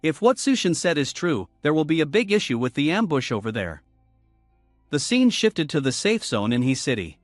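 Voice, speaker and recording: Guy narrating a comic recap, pretty high voice that swings around, dry sound w/ faint music under it. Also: moderate pace, dry recording. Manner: reads all characters in one steady narrating voice.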